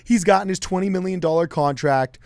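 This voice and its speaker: A man co-hosting a casual political chat over a call, animated and argumentative. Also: sits high, fairly quick, dry recording. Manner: animated, argumentative, laughs while talking. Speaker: podcast co-host.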